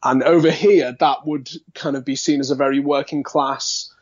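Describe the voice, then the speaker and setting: A man's voice: mid-range voice, fairly even intonation, normal speed, dull audio. A man with a light Liverpool accent, an actor chatting as a podcast guest, thoughtful and rambling with many fillers and restarts. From Liverpool, England. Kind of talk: casual interview chat.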